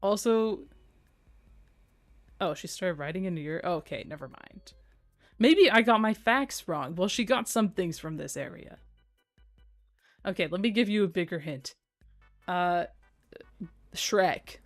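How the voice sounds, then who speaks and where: A young American woman streaming live, talking with her chat in a loose, giggly way and often repeating herself for emphasis. Her voice sits a little low for a woman. Soft music plays faintly behind her. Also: lively intonation, a little slow, pauses often. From United States.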